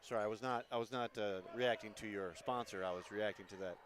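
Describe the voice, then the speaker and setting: A man doing color commentary for a high school basketball game on a headset, easygoing with quick reactions. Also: steady tone. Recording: noisy gym feed.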